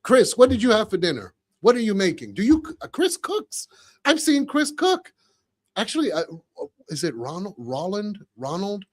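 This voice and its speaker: A man's voice: high voice, huge pitch swings, normal speed. Male podcast host, New York accent, exclamatory and chatty. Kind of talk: live podcast chat. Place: studio.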